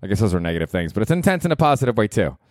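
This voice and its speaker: A man in his forties hosting his own podcast, rambling through a solo monologue with lots of swearing, self-mockery and sudden high mock voices, recorded at home in a dry close setup. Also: very animated, rapid-fire, a little mellow, dry recording. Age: 40s. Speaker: podcast host and stand-up comedian. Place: New York apartment. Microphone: handheld field recorder.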